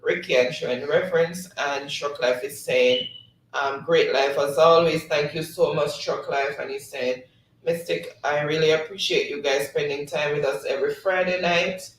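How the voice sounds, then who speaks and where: A man's voice: fairly high pitch, steady tone, moderate pace, a bit bright, echoey room, recorded from a distance, slight background noise, low-quality recording. A man hosting a livestream, reading chat comments aloud and laughing often. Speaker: livestream host.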